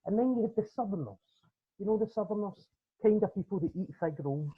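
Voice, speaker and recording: Husky Glaswegian woman doing stand-up. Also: mid-range voice, animated, fairly quick. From Scotland. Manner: punchy, conversational storytelling with tag questions. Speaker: comedian guest. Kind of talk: stand-up routine. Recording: tinny phone-like line.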